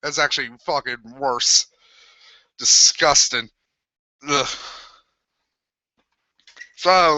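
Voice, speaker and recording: Loud crude young man ranting sarcastically. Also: a little high, no room sound. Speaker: wrestling show reviewer. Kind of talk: profane live review rant. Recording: dull lo-fi sound.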